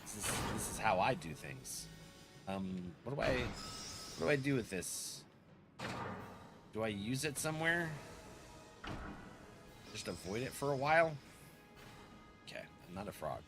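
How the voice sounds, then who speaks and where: A man chats away while streaming an online game, his pitch swinging freely up and down. He rambles, pokes fun at himself and laughs often. Game music plays clearly behind him. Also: big pitch swings, measured pace, pauses often. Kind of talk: casual live-stream chat while gaming.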